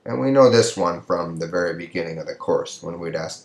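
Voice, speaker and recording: A man teaching Spanish grammar in a recorded video lecture, speaking slowly and carefully and drawing out example sentences. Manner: slow and careful, drawing out example sentences to show rising pitch. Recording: echoey room.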